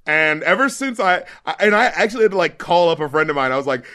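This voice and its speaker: A man with a slightly high voice hosts a casual podcast about rap records. He talks in an animated way, swearing freely and slipping into quick voices to act out lyrics. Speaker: podcast host and rap critic.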